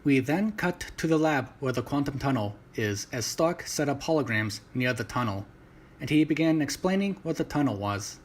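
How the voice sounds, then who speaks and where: A man reading his own fan fiction story aloud in a plain, even manner. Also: medium pitch, moderate pace, a little hiss or hum.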